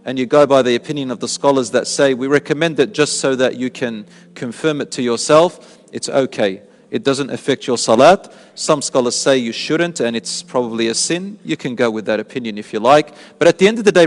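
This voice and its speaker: Inside a mosque hall with a big-room sound, a man of medium pitch teaches a religious lesson. He takes an explanatory approach and asks the audience questions as he goes.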